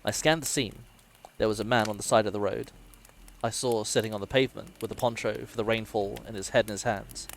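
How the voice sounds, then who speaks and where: A man's voice: fairly low pitch, fairly even intonation, brisk, vocal fry, a little hiss or hum. A man streamer dramatically reading a horror story aloud, sometimes breaking off to swear and joke with his chat.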